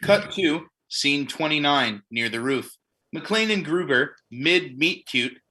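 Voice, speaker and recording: A man reads stage directions aloud for a comedic staged play, with dry, deadpan asides. His voice is very bright, forceful and fairly high. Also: slow pace. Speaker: narrator reading stage directions.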